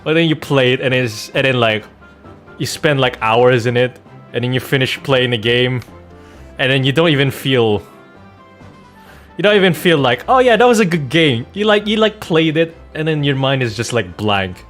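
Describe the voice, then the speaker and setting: A man's voice: medium pitch, expressive, normal speed, fairly bright tone, soft background music. A man chatting casually as a game streamer and voice dubber, rambling and filling his talk with "like", with laughing asides. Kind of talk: casual gameplay chat.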